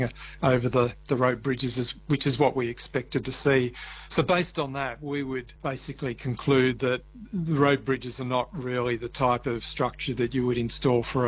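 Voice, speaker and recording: A man, a wildlife ecologist, explaining his research in a radio interview, measured and hesitant with many restarts. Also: medium pitch, steady tone, breathy edge, low-quality recording.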